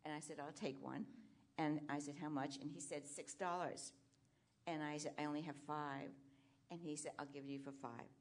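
Low-voiced woman telling a story. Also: steady tone, moderate pace. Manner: chatty storyteller. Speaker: audience member. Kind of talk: telling an anecdote.

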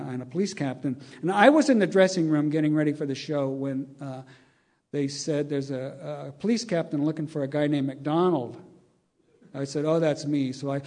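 A man's voice: on the high side, a little mellow. An older man telling a long, wry anecdote to an audience, chuckling as he acts out the dialogue. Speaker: storyteller.

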